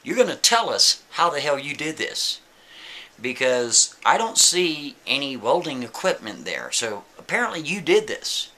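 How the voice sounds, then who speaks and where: A man voicing a stern, angry male jail captain who talks in a gruff, threatening way. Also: medium pitch, big pitch swings, measured pace, bright, forceful tone.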